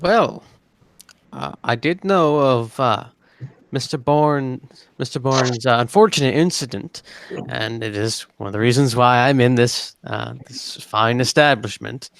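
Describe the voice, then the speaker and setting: A man voicing a wary male underworld informant with a Northern Irish accent, talking in guarded, halting phrases during a tabletop game. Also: mid-range voice, vocal fry, fairly bright tone. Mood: hedging. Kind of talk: tabletop game role-play.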